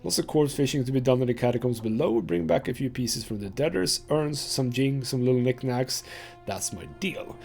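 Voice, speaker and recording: A man's voice: medium pitch, animated, moderate pace, gravelly, darkish tone, soft background music. A man reading the lines of a short, filthy, wheezing male junk trader in a video game. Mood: matter-of-fact.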